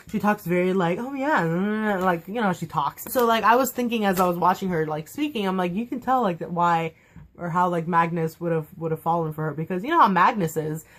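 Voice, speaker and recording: A young woman chatting through a casual fan review of a TV episode, gushing and filling her talk with "like". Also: lowish voice. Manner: gushing, chatty, heavy use of "like" fillers. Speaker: TV show reviewer.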